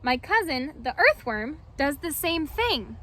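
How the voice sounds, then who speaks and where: A woman voicing a gentle, proud little worm in a children's picture book read-aloud. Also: sits high, sing-song, unhurried, full character voice. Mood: friendly.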